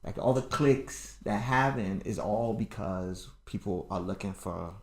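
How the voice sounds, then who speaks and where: Man, co-host, rambling thinker with a low voice, echoey room. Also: unhurried, vocal fry, crowd noise. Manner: musing, lays out his views with fillers. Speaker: podcast co-host. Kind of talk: casual chat.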